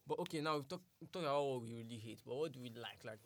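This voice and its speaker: A man co-hosting a casual chat, playful and quick to laugh as he steers the topics. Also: medium pitch.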